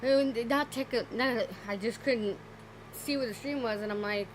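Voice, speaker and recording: A woman on a live stream who talks to herself and her viewers in a loose, chatty way. Her voice sits a little high, with a faint hum of noise behind it. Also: moderate pace, low-quality recording. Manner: chatty, thinks aloud. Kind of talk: casual stream chat.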